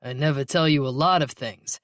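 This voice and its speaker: A man's voice: medium pitch, fairly quick, fairly bright tone, no echo, close to an everyday voice. A man voicing a teasing, easygoing male police detective partner in an audiobook, with dry humor.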